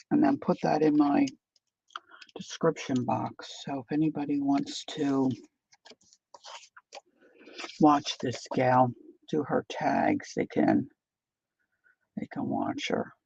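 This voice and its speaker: Chatty woman, gravelly voice. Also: deep voice, measured pace, dark tone. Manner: chatty, rambling, talks while eating and working. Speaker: craft channel host. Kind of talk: casual live-stream chat while crafting. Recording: dull lo-fi stream audio.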